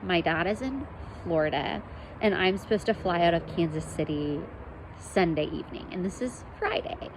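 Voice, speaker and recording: A woman's voice: lowish voice, animated, normal speed, background noise. A young woman from the United States telling a personal story in a candid, self-deprecating way, with lots of ums. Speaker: podcast host.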